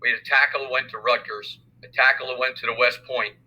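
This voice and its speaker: An older man, a football coach answering interview questions in a measured, thoughtful way. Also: medium pitch, fairly even intonation, bright, forceful tone, low-quality recording. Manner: measured, thoughtful, many fillers. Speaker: high school football coach. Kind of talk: interview conversation.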